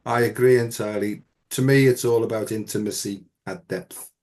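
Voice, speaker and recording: Male host, calm and reflective, fairly low voice. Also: normal speed. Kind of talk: casual conversation.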